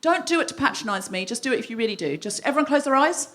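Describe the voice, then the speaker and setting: Female comic host, high-pitched and very expressive, self-deprecating stage storyteller. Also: very fast. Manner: animated, self-mocking storytelling that acts out quotes. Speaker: podcast host. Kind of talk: live comedy monologue. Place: live venue stage.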